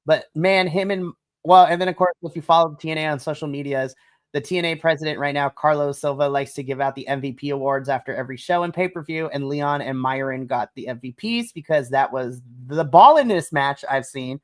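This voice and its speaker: An excitable podcast co-host chatting casually about a show. Their voice sits at a middle pitch. They retell moments by acting out their own reactions in quotes. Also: a little fast. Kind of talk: casual wrestling review chat. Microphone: podcast mic.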